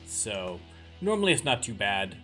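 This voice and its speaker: A man's voice: lowish voice, big pitch swings, moderate pace, a bit bright. A man from southern Ontario with a Canadian accent, chatting casually and self-mockingly while playing a game. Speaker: let's play host. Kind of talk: casual gameplay commentary. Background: game music.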